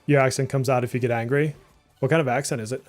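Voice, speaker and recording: A man's voice: medium pitch, fairly even intonation, quick pace, faint music behind. A man in his thirties from Massachusetts with a slight Massachusetts accent, chatting in a rambling way while streaming a game live and reacting aloud to play. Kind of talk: casual live gameplay chat.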